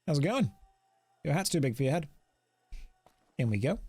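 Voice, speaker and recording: A man's voice: a little high, very animated, moderate pace, dark tone, slightly rough. An Englishman with an English accent, casually commentating his game stream in a joking, self-mocking way.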